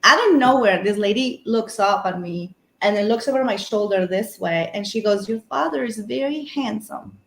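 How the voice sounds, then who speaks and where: A woman's voice: mid-range voice, normal speed, few pauses, fairly bright tone, reverberant. A woman guest on a paranormal podcast, telling a personal story in a rambling, casual way full of fillers and restarts.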